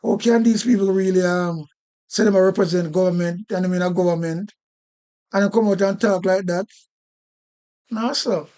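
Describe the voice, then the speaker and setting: A man's voice: sits high, steady tone, normal speed, long pauses, a little mellow. A man with a Jamaican accent ranting indignantly on a live stream, repeating himself and swearing. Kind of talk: casual political rant.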